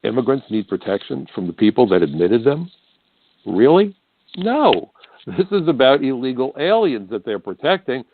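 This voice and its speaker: A man's voice: medium pitch, no echo. Older guy ranting on talk radio, emphatic and indignant, tinny phone-like sound, dry. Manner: emphatic, indignant, addresses listeners directly. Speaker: radio talk show host. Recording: dry, phone-like narrow band.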